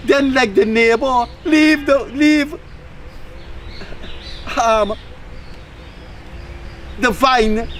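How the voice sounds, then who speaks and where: A Guyanese man hosts a talk show with emphatic, opinionated commentary and mocking asides. His voice sits very high for a man, and a faint hiss runs underneath. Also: fairly bright tone, rough recording.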